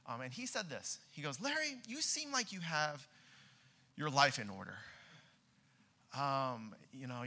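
Bright-voiced man preaching a sermon. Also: mid-range voice. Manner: earnest storytelling, rises to loud animated peaks. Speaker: pastor.

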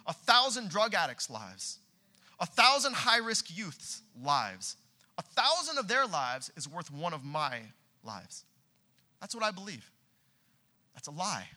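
A young man preaches in a church, his voice very bright and ringing, set a little high. He tells his story earnestly and climbs to loud, animated peaks. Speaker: pastor. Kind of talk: sermon.

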